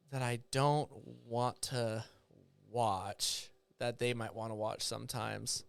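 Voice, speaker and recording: A man's voice: medium pitch, fairly even intonation, takes it slowly, gravelly, clear, resonant tone. A man in his thirties, a father of two young sons, chatting casually as a podcast guest in an easygoing, rambling way and laughing often.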